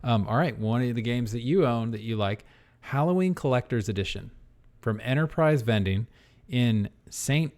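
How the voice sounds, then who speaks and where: A man's voice: medium pitch, animated, moderate pace, a little mellow. Chatty male podcast host. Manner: chatty, reads out listings and prices. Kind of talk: casual podcast chat.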